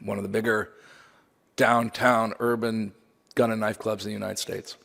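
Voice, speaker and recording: A man's voice: on the low side, little pitch movement, normal speed, gravelly, a bit bright. A man giving a memorial lecture from slides, conversational with wry asides. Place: lecture hall. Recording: long hall reverb.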